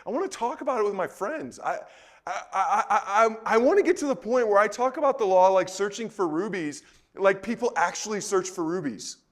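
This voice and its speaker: A man preaching a sermon in a conversational way, full of rhetorical questions, moving between soft and loud delivery. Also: high voice, expressive, fairly quick. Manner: conversational, repeats words.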